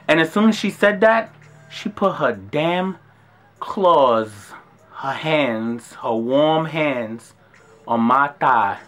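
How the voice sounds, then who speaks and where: A man in his twenties with a New York accent, telling a story in an animated, slangy and profane way. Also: a little high, takes it slowly, faint music behind. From Brooklyn, New York. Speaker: vlogger. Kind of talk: casual storytelling.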